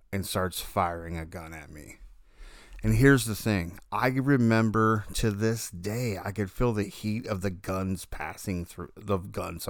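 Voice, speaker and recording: A man's voice: low voice, no echo, studio quality. A man casually telling a long, rambling story about his dreams, often correcting himself mid-sentence.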